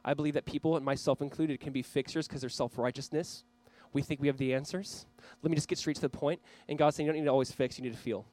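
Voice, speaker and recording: A man's voice: mid-range voice, steady tone, fast, few pauses, darkish tone, no echo, low-quality recording. A man preaching a sermon as pastor, earnestly urging his listeners. He speaks straight to a camera for viewers watching online.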